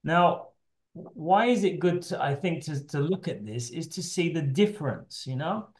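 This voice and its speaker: A man's voice: a little high, expressive, unhurried. A middle-aged man leading an online teacher training session, talking loosely with frequent restarts over a video call. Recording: echoey room on a video call.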